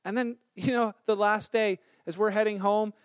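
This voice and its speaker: A man's voice: sits high, steady tone, normal speed, clear, resonant tone, no room sound, studio quality. A man sharing a mission-trip testimony with a church in a casual storytelling way. He acts out the dialogue of the people in his story.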